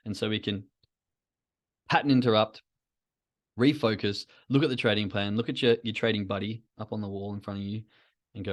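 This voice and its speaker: A man's voice: fairly low pitch, steady tone, brisk, pauses often. A man hosting his own podcast, talking through ideas in a rambling, reflective solo monologue with asides to himself. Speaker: podcast host.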